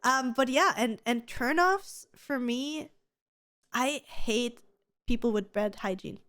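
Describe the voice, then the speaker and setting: A woman's voice: fairly high pitch, takes it slowly, a bit bright, no room sound. Gushing, giggly woman in her thirties. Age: 30s. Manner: gushing, giggly and freely swearing. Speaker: podcast co-host. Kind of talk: casual chat.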